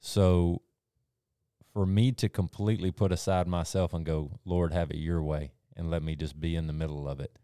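Low-voiced man, earnest, thinking out loud, smooth tone. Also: fairly even intonation, moderate pace, dry recording, clean studio sound. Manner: earnest, reflective. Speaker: group discussion member. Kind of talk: casual faith discussion.

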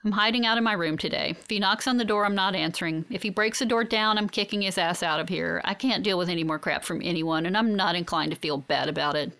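A woman's voice: on the low side, fast talker, few pauses, fairly bright tone, smooth. A woman narrator voices a fed-up young woman with a cold in an audiobook. She talks bluntly and defiantly, in a plain everyday tone close to the reader's own.

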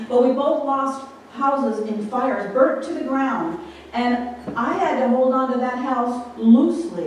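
Woman preacher, informal sermon, fairly high voice, very echoey room, mic far off. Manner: conversational, asks the congregation questions. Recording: very echoey hall, distant mic, faint room noise.

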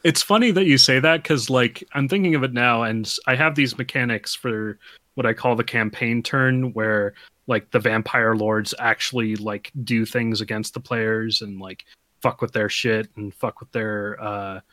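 A man's voice: medium pitch, steady tone, normal speed, bright, forceful tone, dry recording. A man who designs games, chatting as a podcast guest, rambling a little and laughing often. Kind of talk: casual chat.

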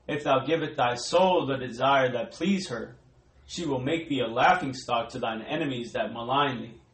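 Man reading scripture, steady formal delivery, mid-pitched voice, echoey room, away from the mic. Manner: steady, formal reading of old-style verse. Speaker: scripture reader.

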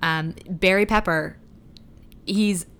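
A woman's voice: lowish voice, steady tone, slow pace, a bit bright, smooth. A woman co-hosting a podcast, talking casually and animatedly about a film, swearing freely and laughing often. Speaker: podcast co-host. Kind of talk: casual movie discussion.

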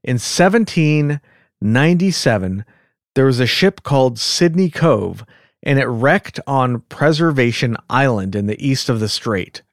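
A man with a Californian accent hosting a podcast in casual chat, rambling and quick to laugh. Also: medium pitch, animated, no room sound, studio quality. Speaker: podcast host.

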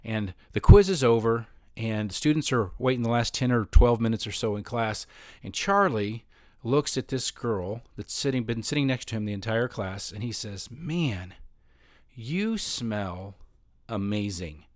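A man's voice: mid-range voice, moderate pace, no echo, studio quality. A man who teaches middle school choir, casually telling personal stories with frequent restarts and self-corrections. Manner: rambling, self-correcting, animated when quoting others. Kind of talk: personal storytelling.

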